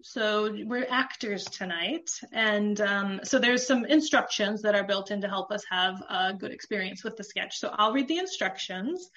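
A woman's voice: medium pitch, normal speed, few pauses, fairly bright tone, muffled recording. A woman talking about her comedy book in casual chat, with lots of fillers. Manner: chatty, laughs often, lots of fillers. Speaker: comedy book author, guest.

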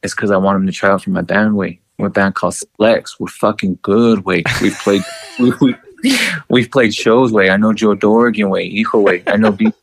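A man's voice: brisk, slight background noise, lightly acted. A man voicing a brash young male street tough who pushes hard to recruit a musician, ending nearly every phrase with "way". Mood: eager. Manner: slangy, tacks "way" onto nearly every phrase; pushy, eager salesman pitch.

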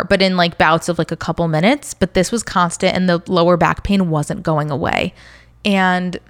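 A woman's voice: fairly low pitch, gravelly. A young woman telling a personal story in a candid, conversational way, full of "like"s and at times fighting back tears. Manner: conversational, lots of fillers and "like". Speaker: vlogger sharing a personal story.

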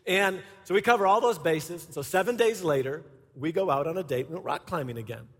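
A man in his forties with a notably high voice tells a lively, laughing story from a church stage. His words ring out with a long hall reverb. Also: fast. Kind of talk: humorous personal storytelling to a congregation. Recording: echoey hall.

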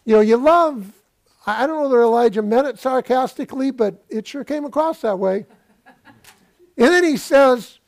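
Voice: medium pitch, expressive, moderate pace, darkish tone. A pastor preaching a sermon, retelling a scripture story and asking the listeners rhetorical questions.

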